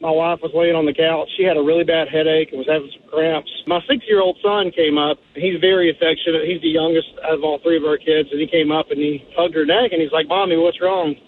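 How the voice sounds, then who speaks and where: A man's voice: a little high, steady tone, fast talker, hardly any pauses. A man calling in to a radio show, telling a family story matter-of-factly. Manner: plain, matter-of-fact storytelling. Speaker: caller. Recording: phone line with background noise.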